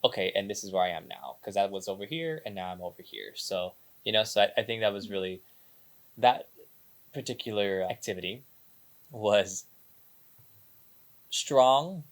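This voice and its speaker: A man's voice: lowish voice, lively intonation, moderate pace, long pauses. A man co-hosting a casual podcast, talking emphatically, repeating phrases and acting out his own thoughts. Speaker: podcast co-host, dance company member.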